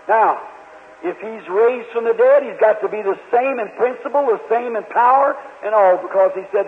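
A man preaching a sermon in a large church, telling a Bible story earnestly with halting restarts and quoted voices. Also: extremely high pitch. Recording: old lo-fi tape, hall reverb, tinny.

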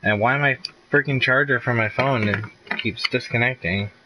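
A young man streams a video game live, tossing out casual commentary at a moderate pace in a mid-range voice. He gets frustrated and swears, breaking into bursts of laughter, with background noise audible.

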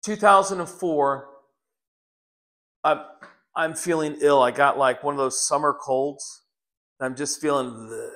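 A man's voice: fairly high pitch, a bit bright. A middle-aged man preaching a sermon, telling stories earnestly with frequent restarts. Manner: earnest, storytelling with repeated restarts.

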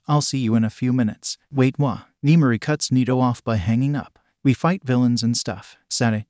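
A man reading a fan story aloud in an even, unvarying way, voicing emoji and symbols as words. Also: mid-range voice, dry recording, studio quality. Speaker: narrator.

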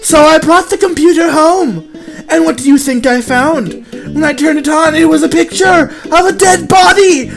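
A woman's voice: sits high, moderate pace, pitched above the performer's own voice. A woman playing a pompous, bumbling male horror storyteller who narrates a spooky story theatrically, with blustery outbursts. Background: plucked guitar music.

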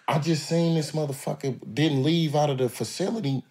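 A man's voice: fairly high pitch, steady tone, brisk, a little mellow. A man as a podcast guest telling stories in a laid-back, drawling, profane way, often acting out what others said. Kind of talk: casual interview storytelling.

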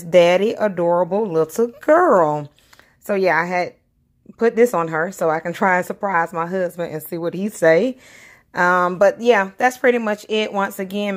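A chatty woman talks to her viewers while unboxing a doll at home. She calls them "y'all" and talks in a loose, casual way. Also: fairly low pitch. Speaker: doll collector vlogger. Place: indoors at home, by a window.

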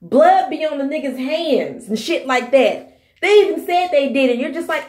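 A woman in her thirties vents in a fiery, profanity-laced commentary, scolding her listeners as she goes. Her voice sits high and leaps about wildly. It rings in an echoey room. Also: expressive, moderate pace, darkish tone. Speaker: podcast host. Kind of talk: angry commentary rant.

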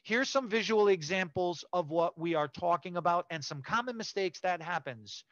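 A man's voice: sits high, lively intonation, normal speed, dry recording, dull audio. A man explaining hair color mixing step by step, often repeating numbers and correcting himself. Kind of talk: instructional explanation.

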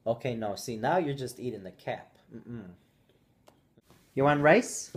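A man's voice: lowish voice, moderate pace, gravelly, long pauses. A young man vlogging casually, joking around and baby-talking to his puppy, now and then slipping into Spanish phrases. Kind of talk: casual vlog chat.

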